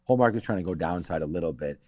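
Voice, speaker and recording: A man's voice: sits low, expressive, very fast, warm tone. A man co-hosting a live stock market show, rambling and thinking aloud as he checks stock charts. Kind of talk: live trading commentary.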